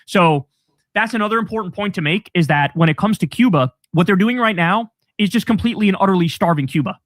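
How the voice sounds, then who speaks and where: A man's voice: sits high, fast talker, no echo. A man delivering angry, profane political commentary on a livestream, ranting sarcastically.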